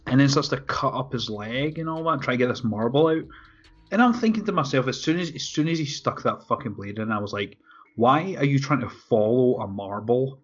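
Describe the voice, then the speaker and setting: A man's voice: mid-range voice, brisk. A man casually talking over a movie in a podcast, swearing often and laughing as he retells scenes. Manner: profane, animated, laughs often. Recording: dull lo-fi audio with faint music.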